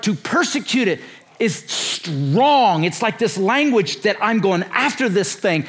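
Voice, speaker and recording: A man's voice: high-pitched, a bit bright. A man in his sixties preaching a sermon to a conference crowd, emphatic and repetitive, stopping often to ask his listeners questions. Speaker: conference speaker.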